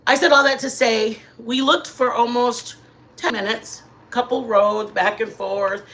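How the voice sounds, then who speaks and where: A middle-aged woman hosting a casual livestream from her living room, telling rambling, animated stories to her chat. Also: on the high side, unhurried. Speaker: channel host.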